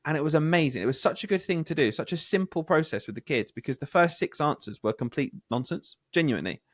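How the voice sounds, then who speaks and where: Fast-talking northern English man. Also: fairly high pitch, no room sound, clean studio sound. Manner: animated, laughing, quick storytelling. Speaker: podcast co-host, primary teacher. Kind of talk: casual chat.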